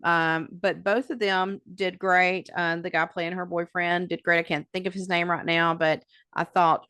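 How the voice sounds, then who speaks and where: Chatty woman podcast co-host, smooth voice. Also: lowish voice, little pitch movement, moderate pace, few pauses, a bit bright, dry recording, clean studio sound. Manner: chatty, thinks aloud with many fillers. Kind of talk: casual chat.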